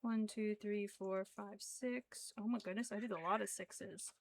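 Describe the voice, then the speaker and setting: A woman's voice: medium pitch, fairly even intonation, a little slow, creaky, slight background noise. A woman streaming her crochet work, chatting casually in a rambling way full of fillers and counting stitches half to herself. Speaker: craft streamer. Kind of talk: casual livestream chat while crocheting.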